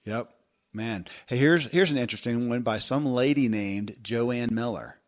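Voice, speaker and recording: A man hosting a podcast, telling stories in a casual, animated way with self-deprecating laughter. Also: medium pitch, measured pace. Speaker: podcast host.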